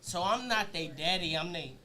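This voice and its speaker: A man's voice: high voice, expressive, normal speed, background noise. A man co-hosting a casual podcast, telling stories in a loose, profane way, often restarting his phrases. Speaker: podcast co-host. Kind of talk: casual storytelling chat. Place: radio or podcast studio.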